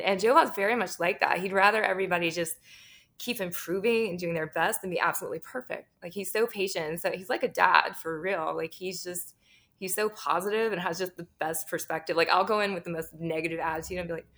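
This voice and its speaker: Gravelly-voiced woman, candid and laughing. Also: on the low side, a little fast, a bit bright. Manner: candid, laughs often, swears freely. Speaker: guest. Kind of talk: casual interview chat.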